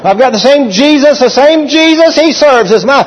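A man's voice: high-pitched, unhurried, darkish tone, some chatter behind, pitched above the performer's own voice. A man voicing a humble, self-doubting Filipino man who turns indignant. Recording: echoey hall, dull sound.

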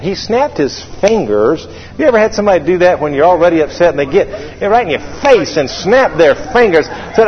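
A man preaching a sermon, telling a folksy personal story with animated delivery and drawing call-and-response from the congregation. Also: on the high side, moderate pace, in a large hall, muffled recording.

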